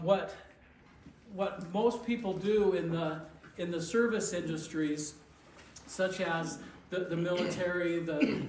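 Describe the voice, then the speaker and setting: A man giving a casual presentation, rambling with many restarts and repeated words. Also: on the high side. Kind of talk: casual talk, joke then presentation. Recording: echoey room, far from mic, noisy.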